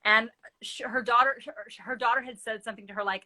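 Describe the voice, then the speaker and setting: A woman's voice: medium pitch, fast, pushed and bright. A middle-aged woman, a parenting expert, explaining earnestly in a live interview and telling stories with quoted dialogue.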